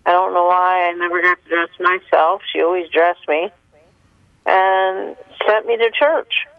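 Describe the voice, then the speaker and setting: A woman calling in to a radio show, speaking haltingly with many pauses and fillers. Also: on the low side, steady tone, dry recording. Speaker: caller. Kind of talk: call-in radio confession. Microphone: telephone. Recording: muffled phone line.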